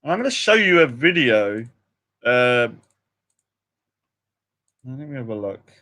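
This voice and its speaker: A man's voice: mid-range voice, sing-song, slow, sharp tone. A young man with a British accent, rambling and self-mocking as a livestream host in casual chat. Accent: British English.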